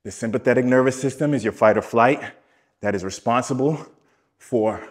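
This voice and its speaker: A man coaching listeners on wellness in a podcast, with a voice of middle pitch. He talks emphatically, repeats his main points and addresses the listener directly. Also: normal speed. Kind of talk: podcast teaching talk.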